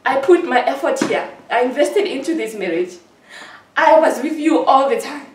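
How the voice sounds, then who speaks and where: A woman's voice: high-pitched, expressive, moderate pace, slight background noise. A woman giving an emotional interview, sounding hurt and accusing, and repeating herself as she talks. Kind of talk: emotional personal testimony. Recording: echoey room, distant mic.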